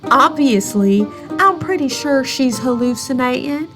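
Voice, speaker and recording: A woman with a high voice narrates her gameplay in a casual let's-play style. She talks at an easy, unhurried pace, adding playful asides and little sound effects. Soft music plays faintly in the background. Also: animated. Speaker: gameplay podcaster.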